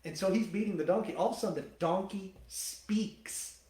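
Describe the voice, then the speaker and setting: A male pastor teaching from the Bible and telling the story in an animated, colloquial way. His voice sits a touch high for a man. The sound is roomy, with church hall echo. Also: moderate pace.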